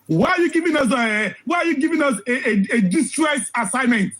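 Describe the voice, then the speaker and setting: A man delivers impassioned commentary, his voice unusually high for a man. He is hoarse, as if losing his voice. He hammers his points with rhetorical questions and repeated phrases, recorded close to the mic. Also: expressive, brisk, fairly bright tone, low-quality recording. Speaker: social commentator.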